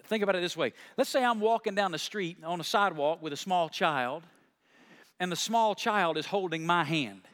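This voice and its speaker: A man preaching a sermon as pastor of his church. He repeats key phrases, calls on the congregation to answer back, and swings from soft, drawn-out words to loud, high declarations. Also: animated.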